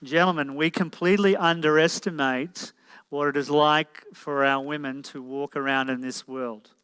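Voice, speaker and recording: A man's voice: fairly high pitch, fairly even intonation, normal speed, a bit bright, smooth. A man presenting a relationship seminar to a live audience, putting direct questions to the room and calling for shows of hands. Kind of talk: motivational seminar talk. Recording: echoey hall.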